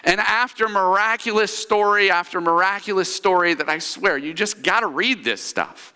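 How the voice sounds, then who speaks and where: Bright-voiced pastor in a reverberant church. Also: male voice, high voice, moderate pace, few pauses, smooth. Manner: storytelling, leads congregation in call-and-response recaps. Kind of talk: sermon. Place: church sanctuary.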